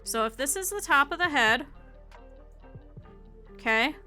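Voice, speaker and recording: A woman's voice: sits high, expressive, measured pace, bright, forceful tone, soft background music. A young woman streamer chatting casually with her viewers while she sketches a sewing pattern, thinking aloud as she goes. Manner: thinking aloud, addressing chat. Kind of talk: casual live-stream chat while crafting.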